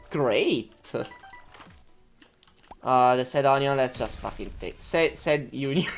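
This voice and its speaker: A young woman commentating her own video game run, laughing often, swearing and reacting loudly. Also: a bass voice, a little slow, faint music behind. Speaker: gameplay commentator. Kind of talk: let's play commentary.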